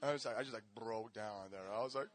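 A young man preaching a sermon as pastor, telling his own testimony in an animated, slangy way, acting out voices and swinging between laughter and shouts. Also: lowish voice, fast talker.

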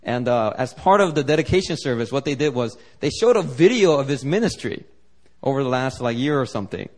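A man's voice: medium pitch, expressive, fairly quick, darkish tone. A man preaching as a pastor at a church service, telling a story loosely, with lots of "like" and "you know". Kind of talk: sermon storytelling.

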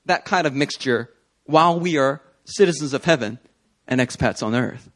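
A man giving a Christian sermon-style video talk, telling personal stories in an animated, conversational way. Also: on the high side, quick pace. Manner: animated storytelling, conversational with fillers. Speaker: Christian teacher.

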